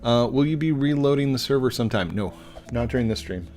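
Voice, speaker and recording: An animated, fast-talking middle-aged man with a slightly mellow, mid-range voice hosts a relaxed game stream. Faint guitar plays as he chattily and goofily reads viewer questions, botching some usernames along the way.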